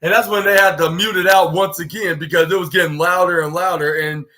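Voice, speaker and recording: A man's voice: high-pitched, fairly even intonation, a little fast, sharp tone. A man hosting a podcast, retelling a wrestling show in a rambling play-by-play way. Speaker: podcast host. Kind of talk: casual wrestling show recap.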